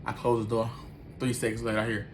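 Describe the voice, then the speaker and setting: A man's voice: mid-range voice, completely flat delivery, fast talker, noisy background. A man animatedly telling a personal story in loose, slangy talk, acting out every line of the dialogue himself.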